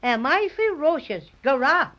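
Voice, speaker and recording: A woman voicing a small, boastful stuffed bear in a 1930s radio drama, chirpy and quick to panic. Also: high voice, sing-song, a bit bright, heavily acted. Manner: chirpy, brags then panics. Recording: dull lo-fi old radio recording.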